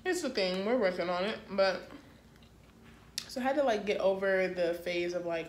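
Chatty young woman vlogging in an echoey room. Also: medium pitch. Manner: chatty and self-deprecating, with drawn-out excited exclamations. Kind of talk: casual vlog chat. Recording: echoey room with faint background noise.

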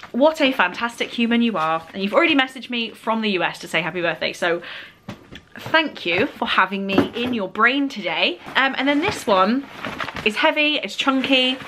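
A woman's voice: fairly high pitch, moderate pace, background noise. A young woman, gushing as she opens birthday presents in a casual vlog. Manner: gushing, excitable, squeals with delight. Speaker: book vlogger.

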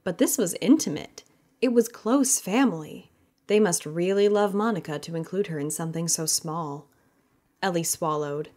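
Woman, audiobook narrator, lowish voice, measured. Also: warm tone. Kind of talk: scripted narration.

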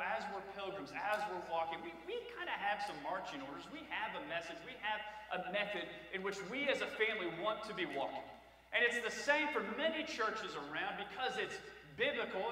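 Bright-voiced man preaching in an echoey hall. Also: high-pitched. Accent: Ohio. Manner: storytelling with humor and asides to the congregation. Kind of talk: sermon. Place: church sanctuary. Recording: echoey church hall from far off.

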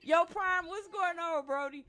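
A young woman live streaming a game, chatting casually with her squad, blunt and profane, breaking into loud laughs. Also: extremely high pitch, a little slow. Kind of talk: casual gaming stream chat. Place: at home in a gaming chair.

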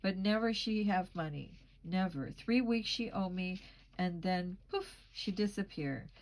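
Old landlady, cross, broken English, slow and deliberate, put on by a woman reader. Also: fairly low pitch, rough recording. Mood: indignant. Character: elderly Italian landlady, angry, broken English.

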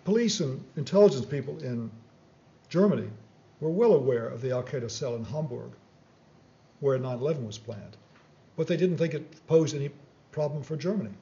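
A man giving a lecture and answering questions, speaking in a measured, hesitant way with frequent fillers, on a slightly dull recording. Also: mid-range voice, animated, mellow. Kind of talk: lecture Q&A, telling a joke.

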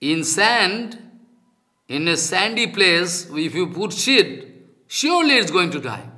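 A man's voice: high-pitched, big pitch swings, slow, bright, forceful tone. A man giving a devotional sermon as a spiritual teacher, speaking emphatically, repeating points and acting out quoted dialogue.

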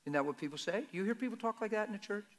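A man's voice: high-pitched, expressive, rapid-fire. A man preaching a sermon who reads scripture aloud and keeps quizzing the congregation with questions in an emphatic way.

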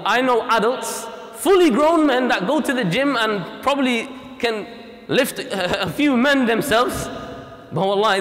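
High-voiced man preaching in a mosque. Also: fairly bright tone. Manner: impassioned, emphatic repetition; mixes in Arabic phrases. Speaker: imam giving Friday sermon. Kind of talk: sermon. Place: mosque prayer hall. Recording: long reverb of a mosque hall.

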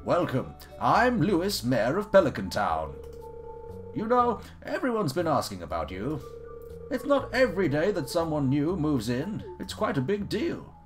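A man playing a fussy older village mayor in a farming game, with a thick put-on caricature accent. He talks in a raised, bouncy voice and in an officious, chatty way. Soft guitar music runs behind him. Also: fairly high pitch, wildly swooping pitch, measured pace. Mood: welcoming.

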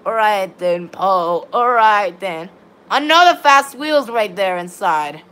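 A woman giving excitable, rambling live commentary on her gameplay while chatting with viewers. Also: mid-range voice, slow pace. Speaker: game streamer.

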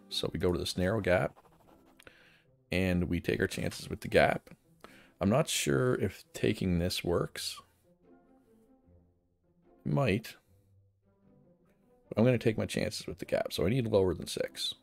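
A man's voice: low-pitched, unhurried, creaky, pauses often, faint music behind. A man casually walking through a video game guide, chatty and thinking aloud as he plays. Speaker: gaming guide host. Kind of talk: casual game walkthrough narration.

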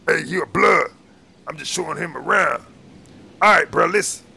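A man's voice: fairly high pitch, moderate pace, vocal fry, sharp tone, breathy edge. A man doing casual game role-play, talking in a slangy, menacing, taunting way.

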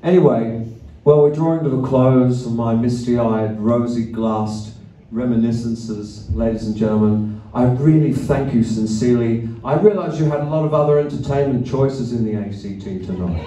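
A man's voice: medium pitch, normal speed, mellow. Rambling man on a theatre stage. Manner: loose, profane, self-mocking storytelling. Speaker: musician performing live. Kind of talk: rambling stage banter between songs. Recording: live theatre recording, roomy and distant.

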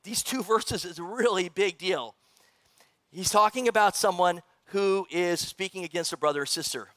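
A middle-aged man, a pastor, preaching in a church, animated and joking with the congregation. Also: high voice, moderate pace, no room sound. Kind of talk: sermon. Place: church sanctuary.

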